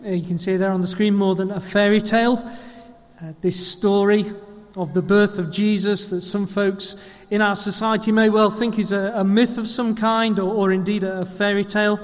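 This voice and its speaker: High-voiced man preaching in a church. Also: level tone, moderate pace. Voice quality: high, slightly squeaky voice. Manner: chatty, self-deprecating, with frequent ums and uhs. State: slight cough and cold. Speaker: church leader giving a sermon. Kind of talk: conversational sermon. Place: church hall. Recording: long reverb of a church hall.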